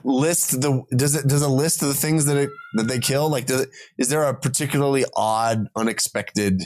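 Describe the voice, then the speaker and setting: A man co-hosting a comedy podcast, riffing on absurd jokes in animated banter. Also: mid-range voice, moderate pace. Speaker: podcast co-host. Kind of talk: comedic casual chat.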